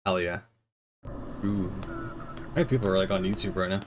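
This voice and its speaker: A man's voice: low voice, fairly even intonation, normal speed, background noise. A young man streaming a game, chatting casually and rambling with his viewers. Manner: rambling, chatty, laughs often.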